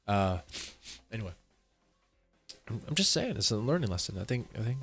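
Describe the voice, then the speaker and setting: A man's voice: on the low side, very animated, moderate pace, fairly bright tone, faint music behind. A man hosting a casual live-stream reaction, rambling and repeating himself as he talks to his chat, congested from allergies.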